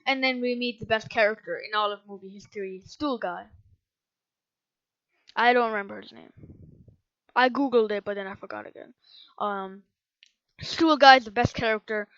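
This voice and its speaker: A woman with a fairly high voice rambles through a movie recap, sarcastic and correcting herself as she goes. The recording is dry and a bit dull and lo-fi. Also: moderate pace, long pauses, fairly bright tone, no room sound. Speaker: movie reviewer.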